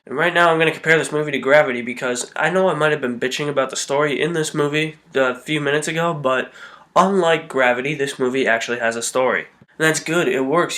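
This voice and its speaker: A man's voice: fairly high pitch, sharp tone. A man giving a blunt, opinionated movie review in a casual manner, swearing now and then. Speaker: film reviewer.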